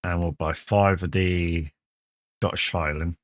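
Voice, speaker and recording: A man's voice: low voice, steady tone, a little slow, no echo. A man streaming a farming game live, chatting casually with viewers, laid-back and swearing freely. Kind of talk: casual live gameplay chat.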